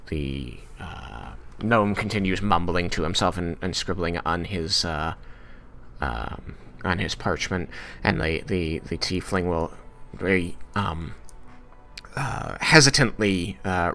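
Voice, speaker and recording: A man narrating a tabletop game as game master, halting, with many restarts and fillers. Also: low voice, sharp tone.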